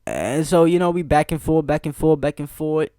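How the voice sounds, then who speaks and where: A man telling a childhood story in casual, animated chat, laughing often and peppering it with slang. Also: fairly high pitch, normal speed, clean tone, no echo, studio quality. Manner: animated, laughing, slangy, frequent "bro" and "see what I'm saying". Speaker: vlogger.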